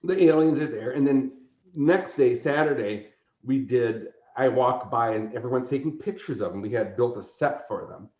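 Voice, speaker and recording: A man telling convention stories in casual chat, lively and laughing, acting out quotes. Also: mid-range voice, moderate pace. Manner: animated, laughing, acts out quoted voices. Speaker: convention organizer, podcast guest. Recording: roomy, dull lo-fi sound.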